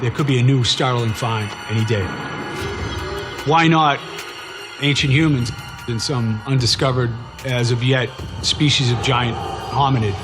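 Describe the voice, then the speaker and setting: Measured man in a documentary clip. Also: mid-range voice. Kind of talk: documentary interview. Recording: documentary clip played in hall, music.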